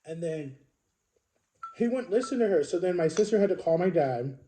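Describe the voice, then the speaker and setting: Man with a very dark mellow voice. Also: sits high, expressive. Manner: earnest, halting recounting with many fillers. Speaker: vlogger. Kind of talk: candid personal storytelling.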